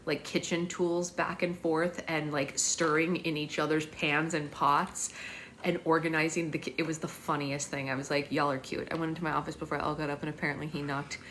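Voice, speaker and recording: A woman's voice: low voice, flat delivery, a little fast, a bit bright, slight background noise. A young woman hosting a casual live stream at home, rambling to her viewers and slipping into sing-song baby talk with her daughter. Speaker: live-stream host and mother.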